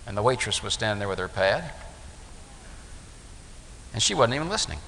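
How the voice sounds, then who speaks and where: A man preaching a sermon in a gravelly, bright voice. His pitch swoops and climbs as he tells stories and acts out their voices. The recording rings in a long hall echo over a faint hiss. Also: sing-song, brisk. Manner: storytelling, acts out voices in anecdotes.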